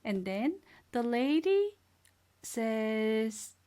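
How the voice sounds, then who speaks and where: A woman teaching a beginner language lesson, speaking slowly and clearly, repeating each word and praising the learners. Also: a little high, big pitch swings, mellow. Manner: patient, drills words twice and praises learners. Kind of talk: slow, clear classroom instruction.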